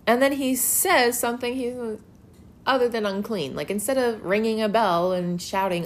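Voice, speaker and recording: A woman's voice: on the high side, moderate pace, slight background noise. A woman giving a casual Bible lesson. She talks in a conversational, emphatic way and leans on filler words. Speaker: Bible teacher.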